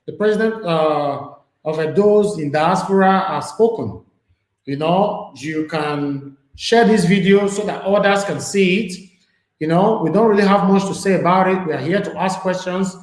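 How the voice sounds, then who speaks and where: This is a male host on a live online interview stream, his voice sitting fairly high for a man. He talks loosely and keeps dropping in "you know" and "um" as he goes. The room he's in gives everything a noticeable echo.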